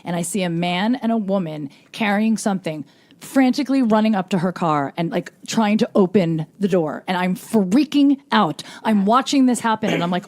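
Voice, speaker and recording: A woman telling a long, animated story as a guest on a comedy podcast. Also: mid-range voice, moderate pace. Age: 20s. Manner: animated storyteller who acts out shouted quotes.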